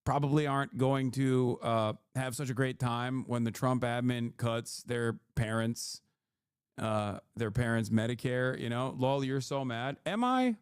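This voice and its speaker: A man's voice: medium pitch, unhurried, clear, resonant tone, no echo, studio quality. A man streaming live, reacting to videos with sarcastic, mocking commentary.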